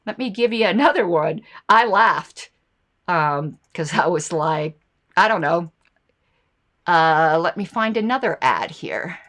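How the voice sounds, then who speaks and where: A woman's voice: lowish voice, lively intonation, slow pace, fairly bright tone. A woman hosting a political commentary show, talking casually and reacting to viewer comments and ads. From United States.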